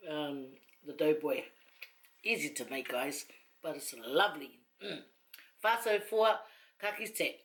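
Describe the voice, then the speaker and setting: A woman's voice: sits low, unhurried, a bit bright. A middle-aged woman with a Samoan accent, telling stories casually to the camera in a rambling, teasing way, laughing often. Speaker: mukbang vlogger. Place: indoors at home, seated on a long chair.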